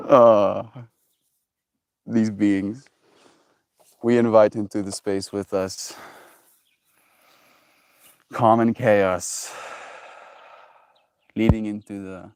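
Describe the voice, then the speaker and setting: A man livestreaming, chatting casually with viewers in a gentle, self-affirming, meandering way, laughing often. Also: on the low side, level tone, very slow, long pauses, clear, resonant tone, dry recording, clean studio sound. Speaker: daily livestreamer. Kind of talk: casual reflective chat with viewers.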